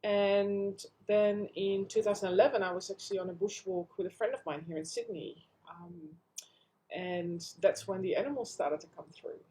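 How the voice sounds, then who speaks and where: A woman being interviewed about animal communication, telling her story in a lively way and acting out the voices she quotes. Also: medium pitch, normal speed. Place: Sydney.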